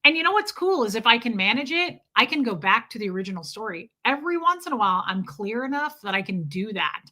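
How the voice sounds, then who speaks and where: Bright-voiced chatty woman livestreaming. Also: fairly high pitch, very animated, fast talker. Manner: chatty, rambling, swears casually, coos at her cat. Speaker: livestream host reading chat. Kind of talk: casual livestream chat. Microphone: streaming setup.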